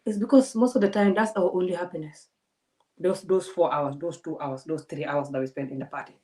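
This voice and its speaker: A woman, a vlogger giving animated, indignant commentary to her audience. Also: fairly low pitch, a little fast, poor audio. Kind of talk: casual commentary to a live audience.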